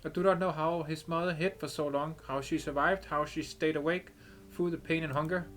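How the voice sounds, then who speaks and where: Solemn veiled matriarch priestess, read by a man, measured and reverent, for a game playthrough. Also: a little high, fairly even intonation, fairly bright tone, soft background music, voice pushed up, close to an everyday voice. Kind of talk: reading game dialogue aloud.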